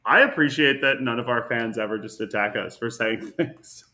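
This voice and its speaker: A man co-hosting a casual podcast chat, sardonic and quick to laugh. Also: medium pitch, crowd noise. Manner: sardonic, laughs often, puts on mock voices. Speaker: podcast co-host.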